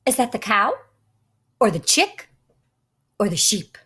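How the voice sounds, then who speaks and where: A woman reading a picture book aloud to young children in an animated, coaxing, teacher-like storytime voice. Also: mid-range voice, slow pace, breathy edge.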